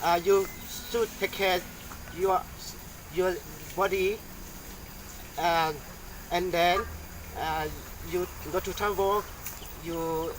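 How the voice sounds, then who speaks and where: High, slow, hesitant Lao-accented man. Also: fairly even intonation, noisy background. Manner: hesitant, many uh fillers. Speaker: weather presenter. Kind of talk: student role-play weather report.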